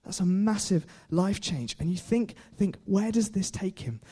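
A man's voice: high-pitched, lively intonation, unhurried, dark tone, husky. A young man preaching a casual sermon, chatty, laughing often and putting questions to his listeners. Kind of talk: informal sermon.

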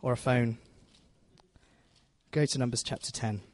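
A man's voice: medium pitch, fairly even intonation, a little slow. A man giving a chatty, self-deprecating Bible teaching in a church, often asking the audience questions. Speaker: preacher.

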